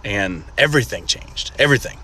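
A man delivering a one-liner in a reflective, deadpan way. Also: fairly low pitch, fairly quick, slight background noise.

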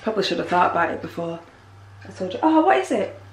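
Here a woman speaks fast in a sing-song middle pitch, with slight background noise, as she addresses her camera indoors at home through a handheld mic. A lifestyle vlogger, she keeps the talk casual and chatty, rambling on and mocking herself along the way.

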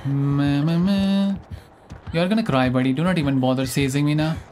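A young man streaming a game live, chatting in a rambling, excitable way and often mocking his own mistakes. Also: medium pitch, quick pace, music in the background. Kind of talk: live gameplay commentary.

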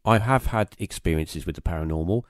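Man, very low voice, dry close sound, rambling anecdotal podcast talk. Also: fairly quick, no room sound. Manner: rambling anecdotal storytelling with many fillers. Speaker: podcast host. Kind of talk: casual conversation, storytelling.

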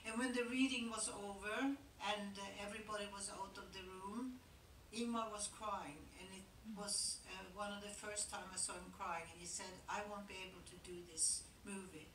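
A woman, telling stories reflectively in an onstage Q&A, pausing and restarting as she goes. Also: mid-range voice, steady tone, fairly bright tone, slight background noise. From Norway. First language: Norwegian. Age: 70s. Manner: reflective, halting, with pauses and restarts. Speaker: guest actress answering audience questions. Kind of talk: onstage Q&A storytelling. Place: large theater auditorium. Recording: echoey hall, picked up from far off.

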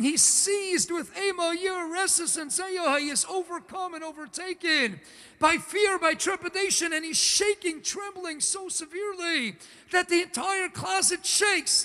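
Male rabbi, very high bright voice, dramatic storytelling in a booming synagogue hall. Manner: dramatic storyteller, acts out the characters. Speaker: rabbi giving a talk. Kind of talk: sermon storytelling. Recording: reverberant hall.

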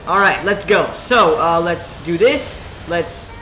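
Excitable young man narrating a game. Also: high-pitched, slow. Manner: excitable, chatty, talks to the viewers while playing. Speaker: gaming video host. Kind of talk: let's play commentary. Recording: roomy home recording. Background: faint game music.

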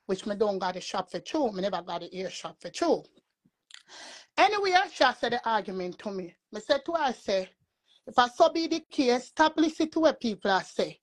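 A woman's voice: medium pitch, very animated, brisk. A woman with a Jamaican patois accent, telling a long rambling story in a casual live chat. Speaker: storyteller guest.

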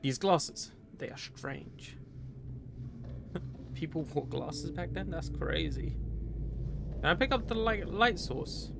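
A man's voice: on the high side, lively intonation, a little slow, gravelly, background noise. A man casually commenting on a horror game he is playing, joking and reading text aloud. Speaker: gaming streamer. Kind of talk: casual let's-play commentary.

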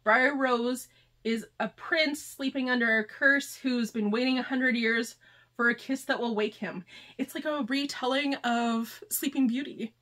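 A high-pitched woman hosts a casual unboxing vlog. She sounds excitable and gushing, sometimes close to tears, and sometimes reads book blurbs aloud. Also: a little slow. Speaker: channel host.

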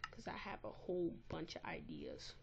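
Excitable gamer woman, lively lo-fi voice. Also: sits low, moderate pace, creaky, background noise. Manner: excitable, easily exasperated. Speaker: gameplay recorder. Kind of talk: casual gameplay commentary. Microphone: tablet built-in mic.

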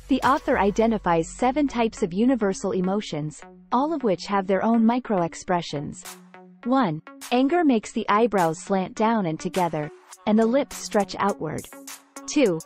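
A woman giving scripted narration of a book summary in an even, measured, explanatory way. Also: medium pitch.

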